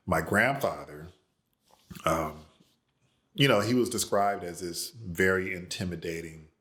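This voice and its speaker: A man, an author, casually telling a family story in a relaxed, conversational way. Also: sits low.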